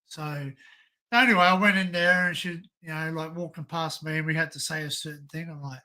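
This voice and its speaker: A man's voice: on the high side, steady tone, a little fast, bright, forceful tone. An Australian man hosting a livestream, telling rambling stories full of "you know, like" fillers in casual chat. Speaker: livestream host.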